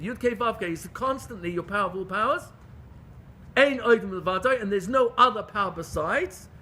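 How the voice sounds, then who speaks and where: A man teaches a Torah class in English with impassioned, pleading intensity, often restarting phrases and mixing in Hebrew terms. His voice is high with a sharp tone, and there's slight background noise.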